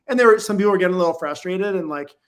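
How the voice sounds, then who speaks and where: A man with a high voice talks very fast as a podcast guest, telling casual, rambling stories packed with "like" and "you know, right?" He's recorded on a podcast microphone.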